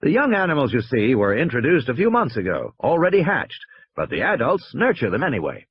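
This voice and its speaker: A recorded tour guide voice, informative and announcer-like, as a man reads it in an audiobook. It rises slightly above his usual pitch, moves in lively curves, and sounds slightly husky on a dry, muffled recording. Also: fairly quick, no echo, exaggerated voice. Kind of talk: audiobook reading.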